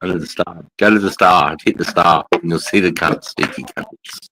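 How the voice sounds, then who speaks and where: A man's voice: low voice, steady tone, brisk, a crowd in the background, poor audio. A man with an Australian accent, hosting a livestream and telling stories in casual, profanity-heavy chat. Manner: profane, storytelling, quotes mates' lines. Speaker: livestream host.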